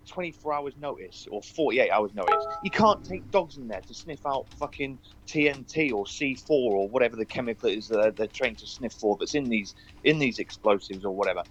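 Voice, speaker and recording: A man's voice: mid-range voice, lively intonation, a little fast. An angry man calling in to a live stream, ranting with heavy swearing. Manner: angry, profane, rising to outbursts. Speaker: caller. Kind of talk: angry call-in rant. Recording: dull call audio with faint noise.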